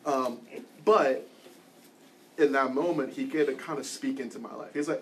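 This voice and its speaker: Leading a church class, this man speaks in a mid-range voice at a moderate pace, pausing often over background noise. His personal story carries wry, self-deprecating humor, delivered loosely with frequent ums and restarts.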